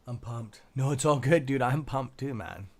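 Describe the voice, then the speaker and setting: A young male host running a live market stream, swearing freely as he watches the charts. He jumps between hyped calls to his viewers and quiet muttering to himself, his voice at an ordinary mid pitch. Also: normal speed. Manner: excitable, profane, talks to viewers by nickname; mutters asides to himself under his breath. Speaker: stock trading livestream host. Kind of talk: live-streamed market commentary, reading chat.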